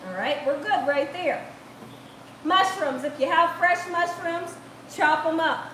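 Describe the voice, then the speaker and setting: High-voiced chatty woman cooking. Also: unhurried, sharp tone, reverberant, a little hiss or hum, rough recording. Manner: chatty, laughs often, reads chat aloud. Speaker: cooking channel host. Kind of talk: live-stream cooking chat. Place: home kitchen.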